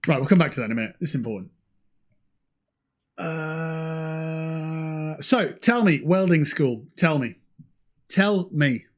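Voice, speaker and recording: A young British man hosting a livestream in casual, sweary chat that jumps between high and low. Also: big pitch swings, a little fast, breathy edge. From United Kingdom. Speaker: livestream host.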